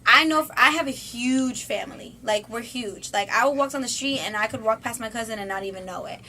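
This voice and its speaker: A young woman co-hosting a casual group chat, animated and quick to laugh, often trailing off mid-sentence. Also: fairly high pitch, slight background noise. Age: young adult. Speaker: podcast co-host.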